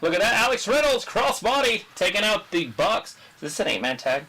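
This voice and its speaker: A man hosting a casual live wrestling watch-along, chatting, joking and reading viewer comments aloud while his voice grows hoarse. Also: high-pitched, big pitch swings, a little fast, pushed and bright, low-quality recording. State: losing his voice. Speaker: livestream host.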